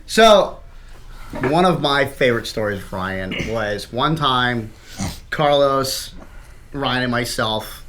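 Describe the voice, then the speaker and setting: A man's voice: mid-range voice, animated, takes it slowly, background noise. A young adult man co-hosting a casual podcast, telling a profane story and acting out the quotes. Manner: laughing, profane, acts out quotes. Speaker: podcast co-host.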